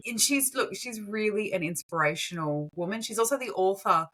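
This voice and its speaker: A woman's voice: mid-range voice, animated, moderate pace, fairly bright tone. A woman co-hosting a podcast in casual, rambling chat with many fillers, getting over a cold. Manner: chatty, loose, many fillers. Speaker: podcast co-host.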